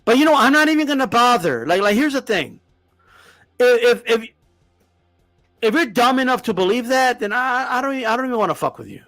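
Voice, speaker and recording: A man's voice: very high-pitched, fairly bright tone, no room sound. A man hosting a boxing channel, ranting to the camera with heavy swearing and lots of repetition. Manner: profane, heated, repeats himself.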